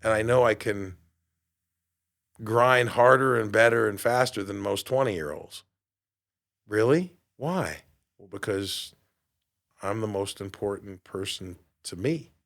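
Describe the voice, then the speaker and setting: A man in his late fifties, a podcast host and fitness coach, giving an emphatic motivational talk in a studio, swinging between loud bursts and quiet asides. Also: on the low side, slow pace, creaky, pauses often. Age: 50s.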